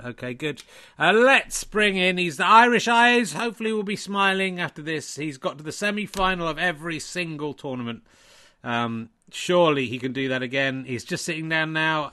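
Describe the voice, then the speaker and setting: A man hosting and commentating on a comic snooker stream in a deadpan, rambling way. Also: fairly high pitch. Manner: deadpan, rambling, quick asides. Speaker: comedy host and snooker commentator.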